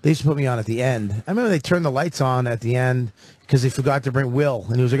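A man's voice: mid-range voice, fairly quick, a little mellow, no room sound. Profane storytelling man on a dry mic. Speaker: stand-up comedian. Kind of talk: casual radio chat.

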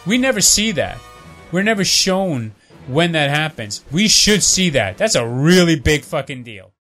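A man in casual podcast chat, talking fast and swearing, acting out quoted lines. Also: on the high side, big pitch swings, sharp tone, faint music behind.

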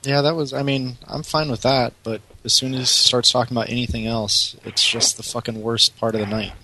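A man's voice: medium pitch, little pitch movement, fairly quick, pushed and bright. A man co-hosting an internet radio chat, sarcastic and blunt. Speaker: co-host.

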